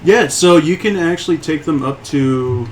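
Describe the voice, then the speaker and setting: A man narrating as game master of a tabletop game, describing scenes in a halting way with many fillers and restarts. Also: fairly high pitch, slight background noise, poor audio.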